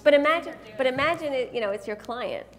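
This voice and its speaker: A woman's voice: high voice, animated, fast. A woman presenting a live workshop, teasing and directing volunteers in front of an audience. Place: event room with an audience.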